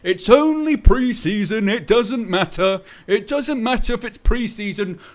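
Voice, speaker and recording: High voiced guy on a fan stream, slow and sarcastic, mocking excuses. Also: expressive. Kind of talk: live stream chat.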